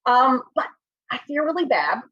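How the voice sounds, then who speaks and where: A woman's voice: high-pitched, big pitch swings, moderate pace, fairly bright tone. A young woman telling a funny personal story in a rambling, self-deprecating way, full of fillers. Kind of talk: comic storytelling. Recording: slightly dull, lo-fi sound.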